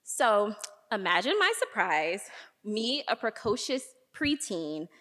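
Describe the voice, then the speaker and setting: A young woman, an archivist, giving a warm, admiring personal introduction with light laughs in a large performing arts hall. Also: medium pitch, big pitch swings, slow. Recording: distant voice in reverberant hall.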